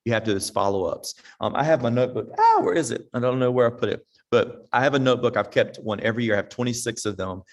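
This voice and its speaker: A man's voice: mid-range voice, steady tone, fast, few pauses. A man talks shop with fellow teachers in a casual online session. His delivery is folksy and direct, like a veteran teacher handing out hard-won advice. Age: 50s. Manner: folksy and direct, acts out parents and sings snippets. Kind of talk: casual conference talk with audience questions. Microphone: online presentation mic.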